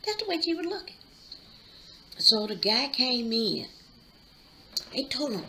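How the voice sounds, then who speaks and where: A woman's voice: on the high side, lively intonation, vocal fry, bright, forceful tone, slight background noise, rough recording. A woman hosting her channel, chattily retelling a movie plot with asides. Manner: chatty, drawn-out storytelling with asides. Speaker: YouTube channel host.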